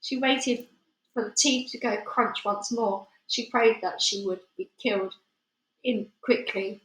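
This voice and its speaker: A woman reading a children's book aloud in a steady, expressive way with small slips. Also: fairly high pitch, measured pace. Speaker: reader. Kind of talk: storybook read-aloud. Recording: echoey room.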